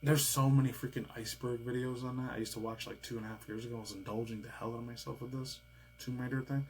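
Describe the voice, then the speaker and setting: A man's voice: mid-range voice, steady tone, quick pace, a little hiss or hum, low-quality recording. A man in his thirties hosting a casual reaction video, rambling in a loose, slangy, chatty way. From United States. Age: 30s.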